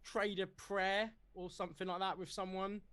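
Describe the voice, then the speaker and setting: Brash high-voiced man. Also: flat delivery, normal speed, bright, forceful tone, clean tone. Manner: brash, demanding, joking. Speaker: player. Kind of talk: in-character tabletop play.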